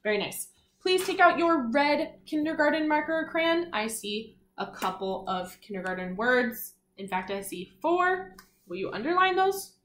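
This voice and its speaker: A woman's voice: high-pitched, very animated, moderate pace, fairly bright tone, roomy sound, a little hiss or hum. A woman giving a patient, encouraging lesson to young children, sounding out letters and praising answers. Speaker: kindergarten teacher. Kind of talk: slow, clear classroom instruction to young children.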